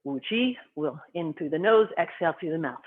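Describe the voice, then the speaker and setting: A qigong instructor guides a class with calm, short cues timed to the breath, speaking in an even, mid-range voice at a brisk pace. The audio is thin and narrow, much like a phone line.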